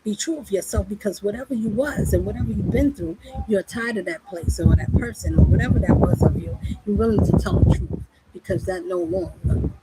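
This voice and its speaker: A woman preaching a spiritual monologue, impassioned and full of rhetorical questions, over loud background noise. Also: medium pitch, fairly quick. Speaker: spiritual speaker.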